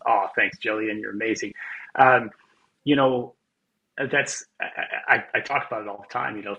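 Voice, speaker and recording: A man guesting on a podcast as author and consultant, relaxed and laid-back, peppering his talk with casual fillers. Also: lowish voice, rough recording.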